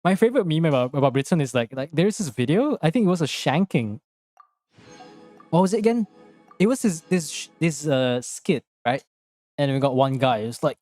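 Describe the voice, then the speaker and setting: A man's voice: a little high, animated, fairly quick, darkish tone, soft background music. A young man streaming a game from his room, chatting casually and rambling through jokes, swearing freely and laughing often. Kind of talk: casual live-stream chat while gaming.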